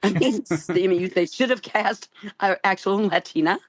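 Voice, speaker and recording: An older woman, a guest actress, telling stories in an interview, animated and laughing often. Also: mid-range voice, normal speed, dry recording. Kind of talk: storytelling interview.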